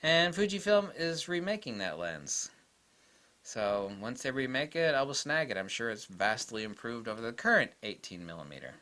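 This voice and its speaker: A man's voice: medium pitch, sing-song, moderate pace, bright, forceful tone. A man talking casually in an opinionated, digressive way as he reviews cameras at a table, now and then mocking imagined critics in exaggerated voices. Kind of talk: casual rambling camera vlog.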